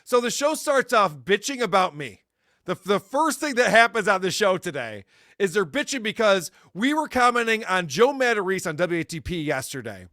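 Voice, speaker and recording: A man's voice: high-pitched, very animated, moderate pace, sharp tone, dry recording. A man co-hosting a casual comedy podcast, ranting in a sarcastic way and swearing a lot, close to the mic. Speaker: podcast co-host.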